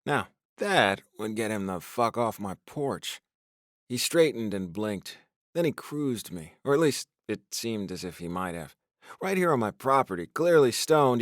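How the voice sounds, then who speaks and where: Low-voiced male audiobook narrator, wry. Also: expressive, normal speed, no room sound, clean studio sound. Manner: wry, exasperated storytelling. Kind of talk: first-person novel narration.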